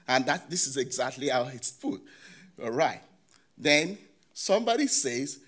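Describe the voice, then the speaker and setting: A man presenting academic research at a conference, talking in a halting way with many "you know" fillers and restarts, and putting questions to the audience. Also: fairly high pitch, very animated, a bit bright.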